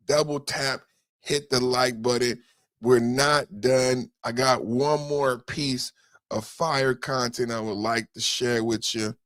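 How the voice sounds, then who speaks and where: Hyped-up shouting male podcast host. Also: medium pitch, no echo. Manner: excitable, shouty, repeats hype phrases. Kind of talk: hyped political commentary.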